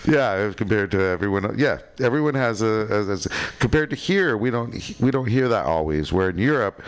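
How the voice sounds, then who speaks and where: American guy from california, kinda low voice, rambles with lots of um and you know. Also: expressive, fairly quick. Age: middle-aged. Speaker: radio show co-host. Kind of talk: casual chat.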